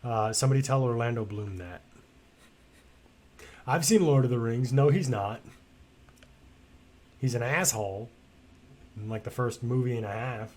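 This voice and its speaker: A man's voice: mid-range voice, moderate pace, pauses often, darkish tone. Male streamer, casual let's-play commentary, blunt and rambling, swears a lot. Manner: chatty and blunt, swears freely, rambling asides. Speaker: game streamer.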